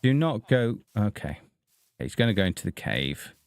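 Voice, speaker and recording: A man streaming a game, talking casually to himself and to the characters on screen in a relaxed, chatty way. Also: lowish voice, moderate pace, clear, resonant tone. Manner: chatty, talks to himself and the villagers. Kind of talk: casual gameplay commentary.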